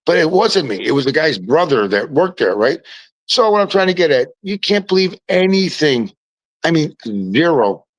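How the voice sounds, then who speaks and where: Animated man telling stories. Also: a little high, moderate pace, no room sound, rough recording. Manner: animated, repeats and restarts words. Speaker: podcast guest. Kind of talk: casual storytelling chat.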